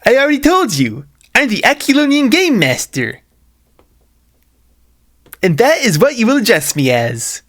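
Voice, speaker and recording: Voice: medium pitch, wildly swooping pitch, measured pace, pauses often, a bit bright, pitched above the performer's own voice. A man voicing a pompous male character who calls himself a game master, speaking in a ridiculous put-on accent.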